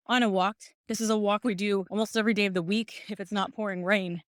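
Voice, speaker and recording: A woman's voice: mid-range voice, steady tone, fairly quick, no room sound, clean studio sound. An out-of-breath woman hosting a podcast, chatting casually and encouragingly while walking outdoors, recorded on a phone. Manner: upbeat, encouraging. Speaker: podcast host. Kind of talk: casual stream-of-consciousness talk. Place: outdoors on a walk up a hill.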